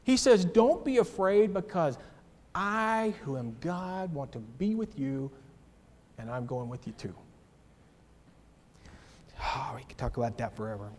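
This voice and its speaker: A man's voice: fairly high pitch, darkish tone, big-room sound. A man teaching a church class in a sermon style, emphatic and full of rhetorical questions and personal asides.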